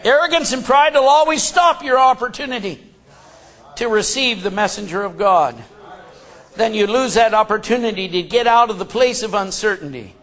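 A man preaching a sermon in an emphatic, folksy way. He often rises to a shout, then drops to a quiet, confiding tone. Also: high voice, moderate pace.

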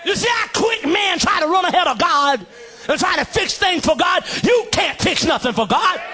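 Male preacher, fiery shouted sermon; high, bright, very lively pitch. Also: moderate pace, some chatter behind. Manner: fiery, calls for amens, acts out voices.

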